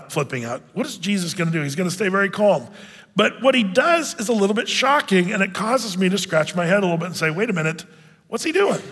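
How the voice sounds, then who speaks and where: Male pastor, high-pitched, animated sermon delivery, echoing church hall. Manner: animated, acts out quotes with sudden loud bursts.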